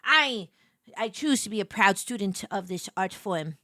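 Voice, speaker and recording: Bright, animated woman streamer. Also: mid-range voice, a little slow, no room sound, clean studio sound. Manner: animated, jokey, swings between loud squeals and murmurs. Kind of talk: casual live-stream chat.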